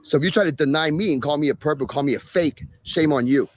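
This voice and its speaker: A man's voice: fairly high pitch, fast, no room sound. A man hosting a live stream, talking casually to viewers in a sarcastic, exasperated rant. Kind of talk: ranting casual talk to viewers.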